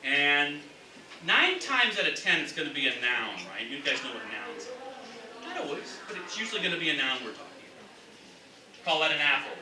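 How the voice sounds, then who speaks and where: Male English teacher, high bright voice, demonstrative classroom delivery, echoey distant room sound. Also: wildly swooping pitch, fairly quick, noisy background. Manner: explanatory, demonstrates intonation with exaggerated examples.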